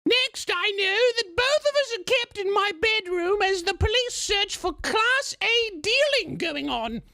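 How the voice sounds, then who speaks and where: A man voicing a near-blind young English woman in a prim falsetto with an English accent, reading her own email for comedy. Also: big pitch swings, unhurried, bright, forceful tone, dry recording, clean studio sound, full character voice.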